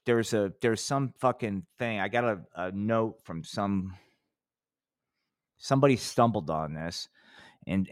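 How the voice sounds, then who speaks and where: A man's voice: mid-range voice, no room sound, clean studio sound. A man hosting a live podcast, talking in a rambling, profane way and often restarting his sentences. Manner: rambling, profane, self-interrupting. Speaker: podcast host.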